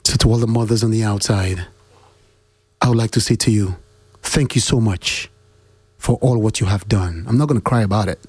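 A man giving a heartfelt motivational monologue to his listeners, preachy and repetitive, with his pitch jumping up to stress his questions. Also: moderate pace, pauses often, a little mellow, husky, dry recording. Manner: preachy, repeats questions, swings pitch up for emphasis.

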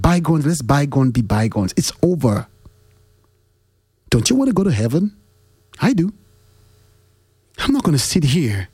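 A man with a husky, slightly breathy voice delivers a heartfelt motivational monologue. He talks in a preachy way, repeating his questions and pushing his pitch up to stress them. The sound is dry and close, with almost no room in it. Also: darkish tone, dry recording.

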